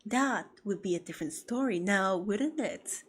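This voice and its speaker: A woman streaming a video game live, commenting excitedly, laughing often and reading character lines aloud. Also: medium pitch, normal speed, soft background music.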